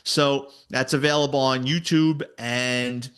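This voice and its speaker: A man, a retired detective and author, telling stories in a casual interview, animated and salty. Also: medium pitch, takes it slowly, clear, resonant tone. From New York City. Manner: animated storyteller, voices quoted people, swears casually.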